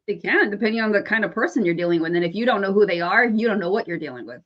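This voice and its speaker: A woman's voice: medium pitch, expressive, rapid-fire. Laughing woman co-host, dull audio. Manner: laughs often, frank and sarcastic. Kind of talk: casual podcast conversation.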